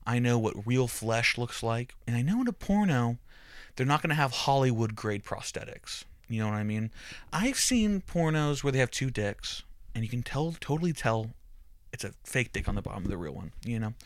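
A man's voice: mid-range voice, very animated, moderate pace, dry recording, clean studio sound. A young adult man hosting a podcast, telling a crude comic story in a rambling, profane way and often breaking into laughs.

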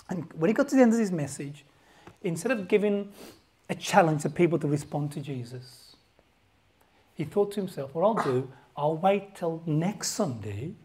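A man preaching a sermon as a pastor, impassioned and swinging from loud outbursts to hushed whispers. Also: fairly high pitch, rough recording.

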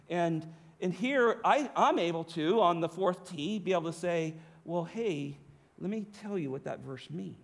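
A man preaching a sermon as pastor, emphatic, with rhetorical questions to the congregation. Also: high voice.

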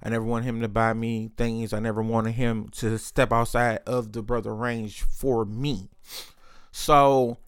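A man in his late thirties tells a personal family story in a loose, conversational way. His voice is smooth and clear, recorded close with no room sound, and he swears freely and acts out the other people in the story. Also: mid-range voice, little pitch movement, a little slow, no room sound. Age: 30s. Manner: candid, profane, acts out quoted voices. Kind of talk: casual storytelling.

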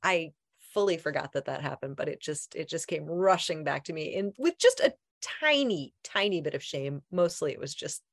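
A woman's voice: low voice, lively intonation, normal speed, dry recording, studio quality. A woman co-hosting a casual chat, telling personal memories in a giggly, self-deprecating way.

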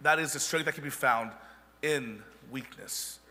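A man's voice: medium pitch, a little slow, bright, forceful tone, long reverb tail. A man, a pastor, preaching a sermon in a conversational way with wry asides.

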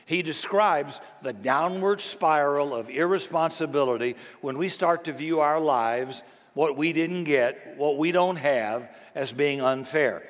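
An older man, a grandfather, preaching a sermon in a folksy, storytelling way, slow and deliberate. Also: a little high. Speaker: pastor. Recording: long hall reverb.

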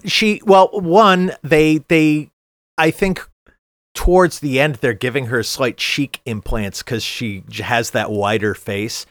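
A man's voice: medium pitch, slow, fairly bright tone, no echo, clean studio sound. A middle-aged man co-hosting a podcast, chatting casually and restarting his sentences often with many fillers. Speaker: podcast co-host. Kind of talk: casual chat.

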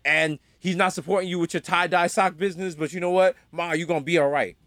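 A man's voice: high voice, fairly even intonation, quick pace, a bit bright, no echo. A man from the Bronx, telling comic stories and riffing in a casual chat. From the Bronx, New York. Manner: riffing, acts out quotes, rambling asides. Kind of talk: comedic storytelling chat.

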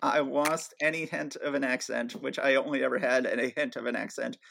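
A man's voice: mid-range voice, fairly even intonation, a little fast, vocal fry, a bit bright. A man from Atlanta hosting a podcast, talking in a casual, upbeat and welcoming way. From Atlanta, Georgia. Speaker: podcast host.

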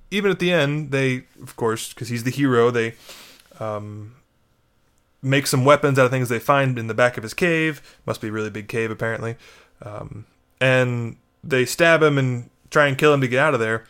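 A male Catholic priest talks through a reflection in a relaxed, conversational way. He retells stories with a wry, joking edge. His voice sits in an ordinary middle register. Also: mid-range voice, smooth. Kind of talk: casual spoken reflection.

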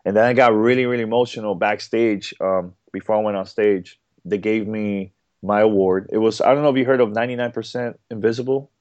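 A man talking as a podcast guest in a casual interview, halting and full of fillers and repeated words. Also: on the low side, fairly even intonation, darkish tone, no room sound. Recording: dull dry podcast audio.

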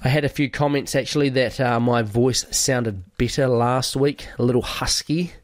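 A male podcast host talks listeners through training ideas in an easy, conversational way, listing points and pausing on the odd filler. His voice sits in a middle register. The recording is close and dry, with no room sound. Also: medium pitch, fairly even intonation, no room sound. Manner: conversational, explains with lists and fillers. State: recovering from a cold. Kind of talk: podcast monologue.

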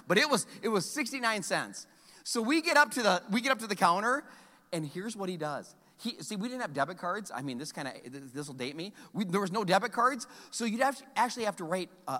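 A middle-aged male pastor preaches with animated storytelling, his voice high and swinging widely in pitch. The tone is bright and forward. A long hall reverb trails behind his words. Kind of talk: sermon.

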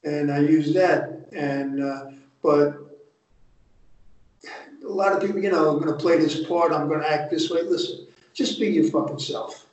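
An older man from North Jersey, a retired undercover agent, tells stories bluntly and with plenty of profanity in a casual interview. His slightly high voice has a darkish tone, fairly even intonation, and an unhurried pace. The remote audio sounds distant, echoey, and muffled.

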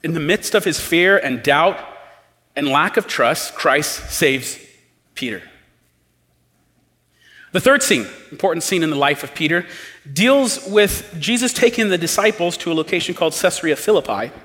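A man preaching a sermon, conversational and animated, acting out quoted lines with changing tones. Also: on the high side, normal speed, in a large hall. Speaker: pastor.

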